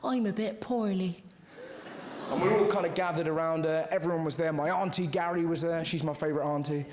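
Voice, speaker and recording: A male stand-up comedian telling stories in an animated way, acting out the people in them. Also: fairly high pitch, noisy background. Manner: animated storytelling, acting out characters in quick voices. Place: large theatre on stage. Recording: echoey theatre, loud crowd laughter. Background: audience laughing.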